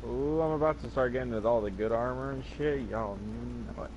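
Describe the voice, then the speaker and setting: A man's voice: mid-range voice, quick pace, lo-fi sound, background noise. A man chatting with his teammates over voice chat while playing, laid-back, slangy and full of swearing. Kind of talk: casual voice chat while gaming.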